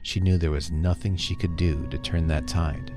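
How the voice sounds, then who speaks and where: A man hosting a podcast, narrating a first-person story in a calm, earnest way. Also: low voice, normal speed, over music.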